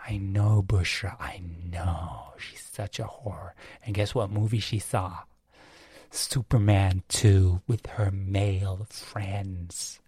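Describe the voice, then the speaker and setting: A man's voice: sits low, steady tone, slow, warm tone, slightly rough, no room sound, studio quality, exaggerated voice. A man voicing a judgmental young woman who gossips about a friend, catty and swearing. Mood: gossiping.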